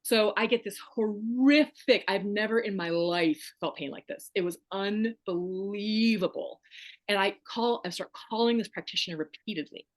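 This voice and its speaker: A woman's voice: medium pitch, moderate pace. A woman guest on a podcast, telling her own story in an emphatic, wry, candid way. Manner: emphatic, wry, acts out quoted voices.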